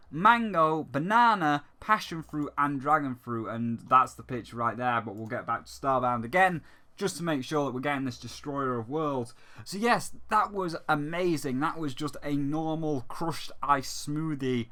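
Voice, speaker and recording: A young man chats loosely through a casual gaming vlog, full of fillers and restarts. His voice sits at a middling pitch for a man with a bright, forward tone. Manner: rambling, chatty, many fillers. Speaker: gaming YouTuber. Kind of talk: casual vlog over gameplay.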